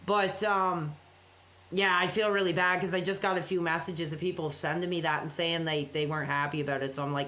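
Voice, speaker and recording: A man's voice: on the high side, fairly even intonation, brisk, bright, forceful tone. A man chatting casually on a late-night live stream, rambling and apologetic as he reacts to viewer messages.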